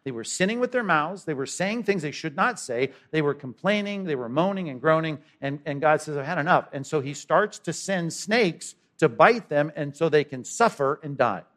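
A male pastor preaching an animated sermon, swinging from loud exclamations to hushed asides and asking the congregation questions. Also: fairly high pitch, normal speed, hardly any pauses.

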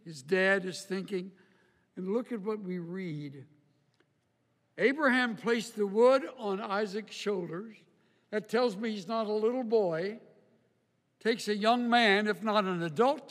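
High-voiced preacher in a reverberant hall. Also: male voice. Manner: emphatic, building to loud stressed peaks, then dropping low and slow. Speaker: pastor. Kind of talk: sermon.

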